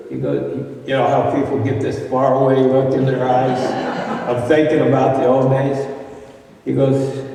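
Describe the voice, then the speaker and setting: A man's voice: medium pitch, flat delivery, moderate pace, warm tone. An older man from Arizona, telling ranch stories in a rambling, folksy way with many fillers. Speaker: former ranch boy telling local history. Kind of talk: casual storytelling. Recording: echoey roomy hall from far off.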